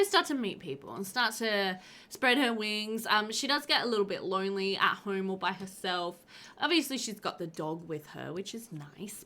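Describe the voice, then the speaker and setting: Speaking at a medium pitch with a slightly bright tone, this woman narrates her own gameplay in a voiceover made afterward. As a gaming video creator, she keeps it casual, chatty, rambling and bubbly.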